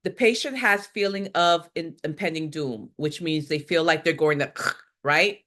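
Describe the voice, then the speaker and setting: Bright, emphatic woman teaching nurses. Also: sits low, moderate pace. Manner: lively, asks and answers her own questions. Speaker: nursing instructor. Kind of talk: live exam-review lesson.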